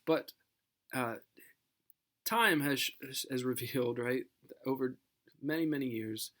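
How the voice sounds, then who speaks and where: A man teaching a recorded history lesson in a conversational way, full of fillers and restarts, who at times reads a famous speech aloud in a measured voice. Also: medium pitch, fairly bright tone.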